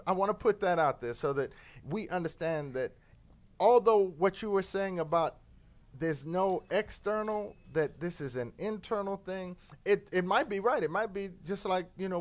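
A man telling a fable in an animated, conversational way during a discussion show. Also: sits high. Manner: animated, conversational, with filler words. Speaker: panel guest. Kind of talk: storytelling in a discussion.

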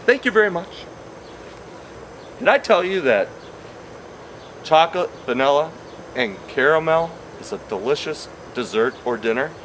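A man's voice: a little high, expressive, a little slow, long pauses, fairly bright tone, slight background noise. A man teaching a science lesson in a chatty, playful way, repeating key points and drifting into tangents. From Wisconsin.

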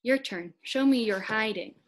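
A young woman in her twenties giving a children's read-aloud lesson, speaking gently and encouragingly to young kids. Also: a little high, moderate pace. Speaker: speech-language pathology student teacher.

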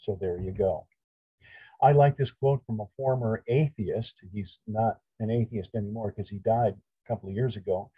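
A man's voice: fairly low pitch, breathy edge, no room sound. A middle-aged man lecturing a church audience, emphatic, asking questions and answering them himself. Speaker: creation science speaker. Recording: tinny phone-like audio.

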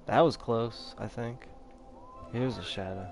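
A man's voice: medium pitch, animated, a little slow, darkish tone, faint music behind. A man hosting a video game let's play, trash-talking and laughing at the enemies he fights. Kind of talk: gameplay commentary.

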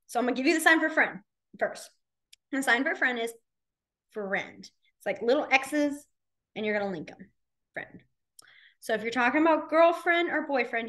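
A young woman teaching a beginners' sign class in a library room. Her voice sits slightly high, and she talks in a chatty, storytelling way, full of ums and little laughs. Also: expressive, moderate pace, long pauses, sharp tone. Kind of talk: casual class teaching with stories.

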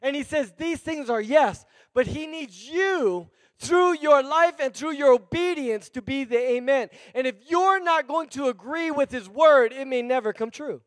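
A male pastor preaching a sermon in a church, animated and conversational, calling out to the congregation. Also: very high voice, a little slow, few pauses, dry recording, clean studio sound.

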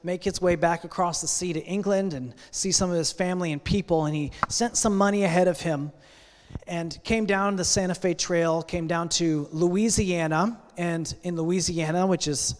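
A male pastor preaching a sermon and telling a long story, speaking earnestly with pauses and building intensity. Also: sits high, steady tone. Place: church sanctuary. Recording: long church hall reverb.

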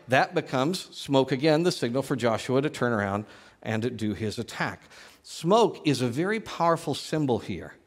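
A middle-aged man, a lead pastor, preaching an animated sermon with a joking, teacherly manner in a church. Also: mid-range voice. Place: church sanctuary.

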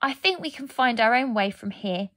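A woman's voice: fairly high pitch, lively intonation, moderate pace, a bit bright, voice pushed up. A woman voicing a brave, loving young girl in a storybook reading, eager and heartfelt.

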